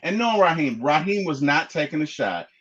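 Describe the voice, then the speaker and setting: A man chatting casually on a podcast, telling animated stories and quoting others in a raised voice. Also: fairly high pitch, normal speed, breathy edge. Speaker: podcast guest. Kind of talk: casual chat. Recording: dull lo-fi sound.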